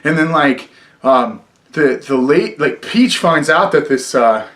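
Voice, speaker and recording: Young dude rambling thru a movie review, cussing a lot, kinda high-ish voice. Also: male voice, animated, takes it slowly, a bit bright. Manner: rambling, filler-heavy, swears a lot. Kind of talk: casual review vlog.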